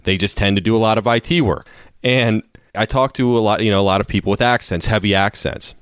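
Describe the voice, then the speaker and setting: A podcast co-host tells rambling stories in casual conversation, laughing his way through them. His lowish voice is fairly quick, fairly bright and clean, with fairly even intonation and clean studio sound with no room noise.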